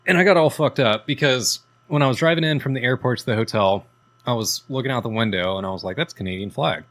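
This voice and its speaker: A man's voice: medium pitch, quick pace, fairly bright tone. A man co-hosting a podcast, telling rambling, profane stories in casual chat. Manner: profane, rambling storytelling with laughs. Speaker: podcast co-host.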